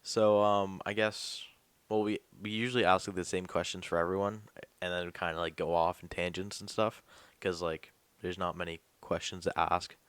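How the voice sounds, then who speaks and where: A man's voice: low voice, little pitch movement, moderate pace, a bit bright, clear, resonant tone, no room sound. A young man hosting a casual gaming podcast, rambling and swearing casually. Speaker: podcast host.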